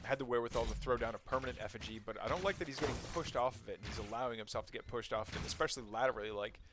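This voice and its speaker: A man giving relaxed color commentary on a strategy game match, often hesitating and hedging his opinions. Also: medium pitch, very fast, noisy background. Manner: relaxed, hesitant, many ums and likes. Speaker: co-caster.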